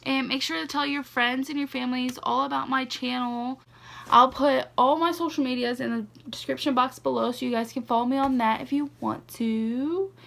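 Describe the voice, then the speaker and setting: A young woman vlogging a casual storytime, her slightly high voice carrying a gravelly, fry-laden texture. She rambles along with constant fillers and quick laughs, and she sounds drowsy, yawning between stories. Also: steady tone, fairly bright tone. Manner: rambling, heavy use of "like" and "legit", frequent laughs. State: sleepy, yawning.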